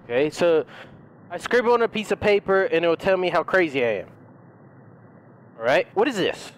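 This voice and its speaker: A male gaming streamer doing casual game commentary, brash and profane, with quick reactions. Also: high voice, lively intonation.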